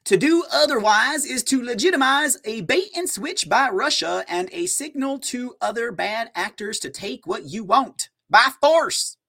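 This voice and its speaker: A man's voice: extremely high pitch, lively intonation, unhurried, gravelly, few pauses, sharp tone, voice pushed up, heavily acted. A man putting on an older male Southern politician with a put-on Southern US accent and a lisp, reading out a stiff lecture. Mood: scolding.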